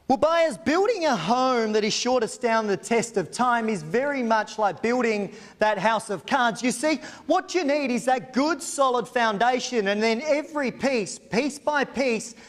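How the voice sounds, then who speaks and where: In a recording with long hall reverb, a man works as an auctioneer, delivering auction terms and a property pitch with smooth, assured, formal patter.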